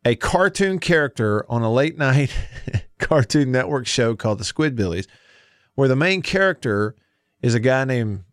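A man's voice: medium pitch, no echo. A man hosting a talk radio show from a studio, rambling chattily and reading live ads. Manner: rambling, chatty, self-interrupting. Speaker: radio sports show host.

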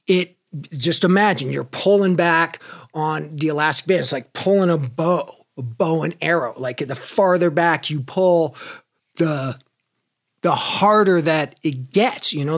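A man giving a casual spiritual talk, conversational and loose, swearing freely and explaining with everyday comparisons. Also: a little high. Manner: conversational, swears freely, acts out inner voices. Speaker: spiritual teacher.

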